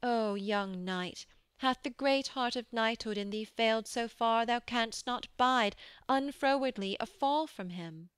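Woman reading queen, courtly questions, gracious, smooth slow voice. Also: a little high, dry recording, clean studio sound, natural voice. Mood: concerned. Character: regal queen, gracious yet uneasy.

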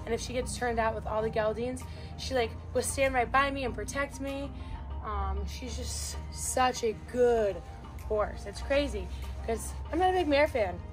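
A young woman with a slightly high voice chats her way through a horse-grooming vlog. She talks to the camera and coos at the animals beside her. Soft music runs faintly under her voice. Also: unhurried. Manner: chatty, talks to her horses in a bright coaxing voice. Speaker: vlogger and horse owner. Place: outdoors and in a barn with horses.

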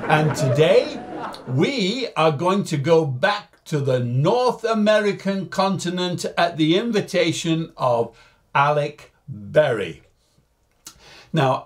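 An older man chats casually to his viewers about a flight he is about to fly. He speaks slowly and in a relaxed way. His voice sits a little high, and he keeps things cheerful and jokey. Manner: cheerful, chatty, slow and jokey. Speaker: flight sim video host. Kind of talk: casual chat to camera.

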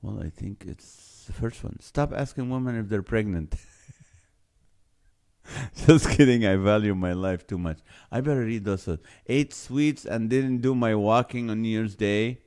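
A man's voice: fairly low pitch, moderate pace, hardly any pauses, darkish tone. A man hosting a live stream, reading viewer comments aloud and joking, often breaking into laughter. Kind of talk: casual live-stream chat.

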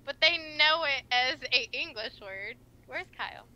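A woman's voice: high-pitched, expressive, unhurried, bright, forceful tone, lo-fi sound. A woman chatting and teasing her friends while they play a game together. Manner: bubbly, teasing, laughs often. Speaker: gamer. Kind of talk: casual chat while gaming.

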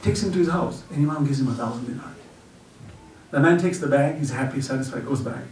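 A man's voice: fast talker, a little hiss or hum. Man preaching in an echoey hall. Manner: earnest storyteller who drops low and soft for quoted speech. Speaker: guest speaker at a religious celebration. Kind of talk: storytelling religious lecture. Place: community center hall at an event. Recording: echoey hall picked up from far off.

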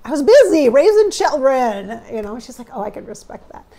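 A woman's voice: sits high, sing-song, a little fast, warm tone. A middle-aged woman psychic talking casually and emotionally to viewers during a channeling session. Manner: chatty, emotional, talks directly to viewers. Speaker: psychic medium.

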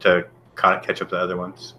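A man's voice: deep voice, monotone, moderate pace, pushed and bright, a little hiss or hum. A man co-hosting a casual show, talking bluntly and swearing constantly as he rants. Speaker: show co-host. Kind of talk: casual profane chat.

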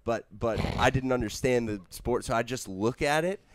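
A man's voice: mid-range voice, moderate pace, no room sound. A man in his twenties, a comedian guest on a podcast, joking about himself in casual banter. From New York. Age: 20s. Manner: animated, self-mocking jokes.

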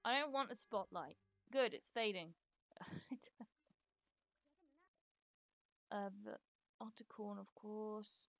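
A woman casually commenting while she streams a life-sim game, chatty and sweary, talking to her characters and breaking into excited squeals. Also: mid-range voice, takes it slowly, long pauses, no echo. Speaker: live streamer.

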